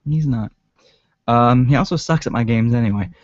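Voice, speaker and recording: A man's voice: mid-range voice, moderate pace, a little mellow, no echo. A man co-hosting a casual podcast chat about a TV episode, rambling with lots of ums and swearing. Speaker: podcast co-host. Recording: dry, dull lo-fi sound.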